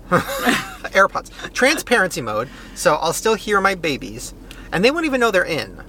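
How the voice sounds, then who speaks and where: A man trades jokes on a casual podcast with big, dramatic delivery. His voice sits a little high and swings widely in pitch. A gravelly edge runs under a bright tone. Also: measured pace, slight background noise. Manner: dramatic, joking, animated. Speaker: guest co-host.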